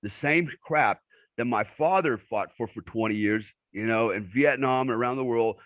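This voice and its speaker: A man's voice: medium pitch, normal speed, a bit bright, dry recording. A middle-aged man, a military veteran guest in an interview, telling blunt stories with many filler words. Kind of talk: conversational interview.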